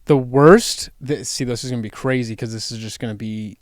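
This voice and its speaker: A young man co-hosting a podcast in casual chat, a bit tipsy, halting and unsure as he talks. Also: medium pitch, dry recording, studio quality. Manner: hesitant, halting, many fillers. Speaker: podcast co-host.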